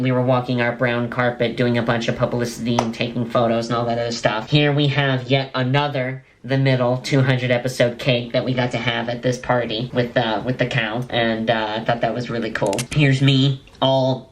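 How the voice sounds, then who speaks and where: A man's voice: mid-range voice, a little hiss or hum. A young man, an actor, casually and enthusiastically telling behind-the-scenes stories while showing photos. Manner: enthusiastic, chatty, repeats words. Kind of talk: casual vlog storytelling.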